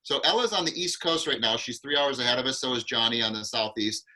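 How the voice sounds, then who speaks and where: A man's voice: medium pitch, quick pace, pushed and bright, rough recording. A man hosting an online acting class over a video call, enthusiastic and encouraging.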